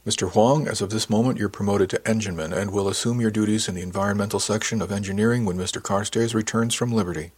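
A man's voice: on the low side, steady tone, fast, hardly any pauses, a little mellow, slightly rough. A man reading the part of a stern male ship's officer who speaks in curt, clipped, machine-like commands in an audiobook. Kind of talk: audiobook character voice.

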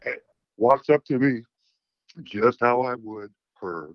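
A man's voice: medium pitch, slow, no room sound, dull audio. A middle-aged man calling in to a talk show, telling a frank story in a blunt, profane way with many restarts. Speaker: caller.

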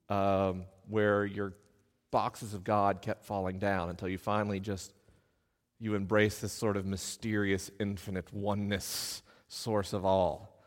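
Wry man telling stories on a stage. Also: mid-range voice. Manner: wry, self-deprecating, quick asides. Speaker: podcast host speaking live on stage. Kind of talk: live stage talk, conversational storytelling. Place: stage in a live venue. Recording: long hall reverb from a live venue.

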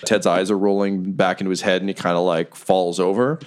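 Male DM, lowish voice, playful narration of a fantasy battle. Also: little pitch movement, a little fast. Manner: playful, laughing often. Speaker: game master. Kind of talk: narrating a tabletop game.

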